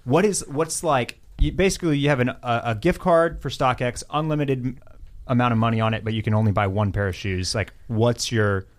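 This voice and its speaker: Halting man hosting a casual chat. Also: mid-range voice. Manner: halting, restarts questions, conversational. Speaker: podcast host.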